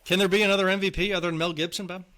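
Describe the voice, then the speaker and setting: A man's voice: high voice, flat delivery, racing, crowd noise. A man co-hosting a casual podcast who leads the conversation with questions about movies and sports. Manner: quizzing, leading the questions. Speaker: podcast co-host.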